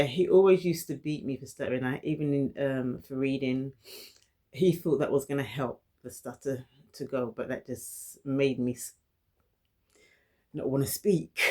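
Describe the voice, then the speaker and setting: Middle-aged woman vlogger, talks to camera with a stutter, restarts words and laughs softly between thoughts. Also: a bass voice. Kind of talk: personal storytelling to camera.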